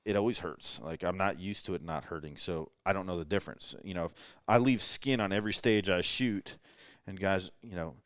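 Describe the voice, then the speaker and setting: A man in his thirties with a low voice tells self-deprecating stories in a relaxed late-night chat. The sound is close and dry, as if recorded around a table in a rental house. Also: a little fast, few pauses, no room sound. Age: 30s. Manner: self-deprecating storyteller, joking. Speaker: podcast guest shooter. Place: rental house living room.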